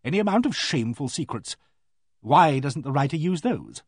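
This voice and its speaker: A man's voice: on the high side, very animated, normal speed, slightly rough, no room sound, studio quality, full character voice. A man voicing a vague but blunt vicar's wife who speaks frankly and thoughtfully. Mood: musing. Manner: frank, musing, unembarrassed.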